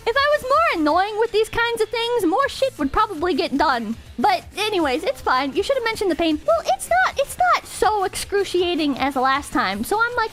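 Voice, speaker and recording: A young woman streamer telling a story to her audience in casual, animated speech, swearing and laughing at herself often. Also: extremely high pitch, fairly quick, few pauses, soft background music.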